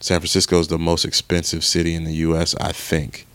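Young guy with a really low voice griping on his podcast, swears a lot, dry close mic. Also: completely flat delivery, brisk, fairly bright tone, no room sound. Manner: grumbling, exasperated, swears casually, thinks aloud. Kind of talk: casual solo chat while browsing online.

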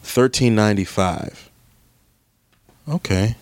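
A deep, low-pitched young man grumbles his way through a casual podcast chat. He swears freely and thinks out loud, exasperated. The recording is dry and close, with no room sound. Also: slow pace, no room sound. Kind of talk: casual solo chat while browsing online.

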